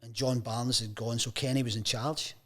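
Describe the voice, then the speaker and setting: Scottish man telling lively anecdotes. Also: mid-range voice, normal speed. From Scotland. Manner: lively anecdotes, acts out quoted voices. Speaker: guest, sports journalist. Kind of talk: casual storytelling interview.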